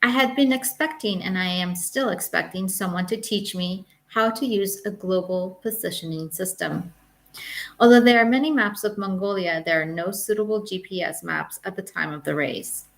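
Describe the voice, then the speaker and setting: A woman reading her own travel memoir aloud in a wry, measured storytelling manner. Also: medium pitch, creaky. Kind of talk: audiobook memoir narration.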